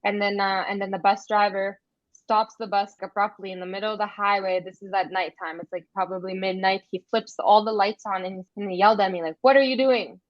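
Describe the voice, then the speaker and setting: Woman from Canada, podcast guest, flat even delivery, dull dry recording. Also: mid-range voice, brisk, no room sound. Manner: earnest, matter-of-fact, frequent "like". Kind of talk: personal storytelling in conversation.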